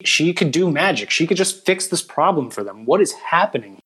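A man co-hosting a casual film podcast, who talks in an animated, exasperated way. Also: on the high side, moderate pace, husky. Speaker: podcast co-host. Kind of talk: casual chat.

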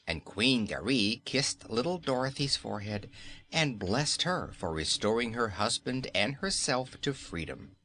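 A man narrating a children's storybook in measured audiobook style. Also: medium pitch, bright, forceful tone.

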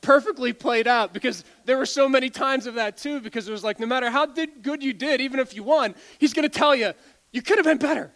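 A man's voice: very high-pitched, fast talker, few pauses, a bit bright. A man in his forties preaching a sermon as a pastor, telling stories animatedly, often stumbling over and repeating words and laughing.

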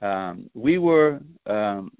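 Man from Greece, lowish voice, chatty guest, dry dull lo-fi sound. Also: expressive, drawn-out words, smooth, no echo. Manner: chatty, laughs often, long-winded. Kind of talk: casual radio chat.

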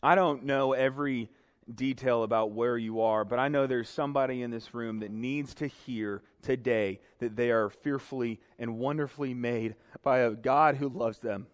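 A man's voice: mid-range voice, steady tone, moderate pace. A young man preaching a sermon to a congregation, earnest and emotional. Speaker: pastor. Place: church sanctuary. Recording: reverberant hall.

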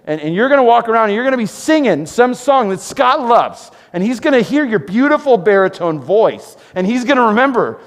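Animated preaching pastor, man. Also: sits high, fairly quick, few pauses, big-room sound. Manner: animated storytelling, swings from loud exclamations to quiet intensity. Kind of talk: sermon. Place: church sanctuary.

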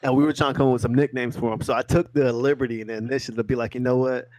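A young man co-hosting a podcast, laid-back and halting, leaning on filler phrases. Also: medium pitch, fairly even intonation, darkish tone. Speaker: podcast co-host. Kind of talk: casual podcast banter.

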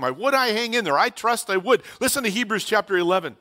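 A man's voice: sits high, expressive, fast talker, sharp tone. A middle-aged man preaching a sermon in a conversational way, asking rhetorical questions and repeating key phrases. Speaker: pastor.

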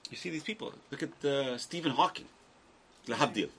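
An older man teaching a religious class, lecturing a small group in an animated way with restarts and asides. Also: medium pitch, a little fast, a little hiss or hum.

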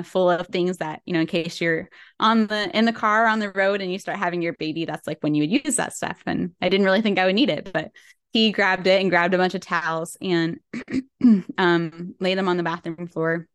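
A woman's voice: lowish voice, clean tone, no room sound, clean studio sound. A woman guest on an interview podcast, telling a personal story in a chatty way with many fillers and small laughs. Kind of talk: casual storytelling.

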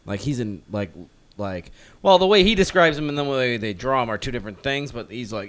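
A man's voice: mid-range voice, expressive, a little fast, fairly bright tone. A man co-hosting a comic book podcast, talking casually and rambling with many fillers and restarts. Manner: rambling, lots of "like" and restarts, acts out characters loosely. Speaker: podcast co-host.

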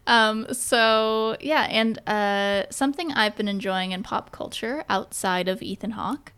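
A woman with a creaky, gravelly edge to her voice hosts a casual podcast chat. She is chatty and self-deprecating, rambling through her plugs and picks. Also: mid-range voice, a little slow, fairly bright tone. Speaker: podcast host.

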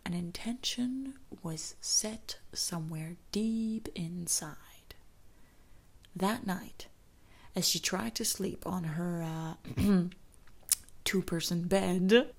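Gravelly woman telling a story. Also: medium pitch. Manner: intimate, slows down for emphasis, drops into whispers. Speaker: storyteller and teacher. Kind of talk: storytelling narration.

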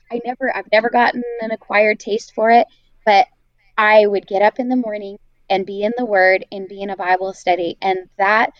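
A woman's voice: medium pitch, no room sound, lo-fi sound. A woman sharing her own story of healing in a candid, reflective way, with plenty of fillers. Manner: earnest, reflective, many fillers. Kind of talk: candid faith testimony.

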